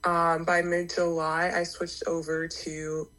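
A woman's voice: on the low side, completely flat delivery, takes it slowly, a bit bright, poor audio. A young woman with a congested voice from a cold, a university volleyball player chatting through interview answers with lots of fillers. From Canada. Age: young adult. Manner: chatty, lots of likes and ums.

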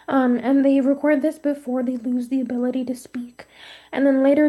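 A woman co-hosting a scripted podcast chat, reading steadily and often pausing with ums. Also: high-pitched, warm tone. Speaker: co-host.

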